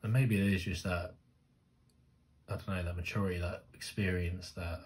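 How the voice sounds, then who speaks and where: A man hosting a music reaction, talking casually and rambling with restarts, often gushing and excitable. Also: deep voice, normal speed. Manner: gushing, excitable, laughs and sings along. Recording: music playing faintly behind.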